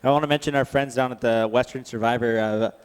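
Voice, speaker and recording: A man's voice: mid-range voice, fairly even intonation, fast, clear, resonant tone. A man co-announcing at a race track, making wry, dry jokes in casual commentary over a headset mic.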